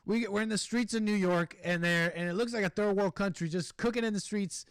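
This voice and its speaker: A man hosts a loose livestream, reacting aloud and answering his viewers in an animated, rambling flow. His voice sits a little higher than most men's. Music plays clearly underneath him. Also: brisk. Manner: animated, rambling, talks to chat, mock-singing asides. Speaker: livestream host. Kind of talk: casual livestream commentary reacting to chat. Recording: music playing behind the voice.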